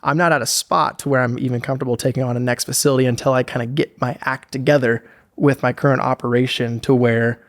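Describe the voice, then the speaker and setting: A man in his twenties, a guest on a podcast interview, telling stories in an upbeat, animated way and acting out quotes. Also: medium pitch, fast, dry recording, clean studio sound. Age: 20s. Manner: upbeat, animated storyteller who acts out quotes. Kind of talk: conversational interview.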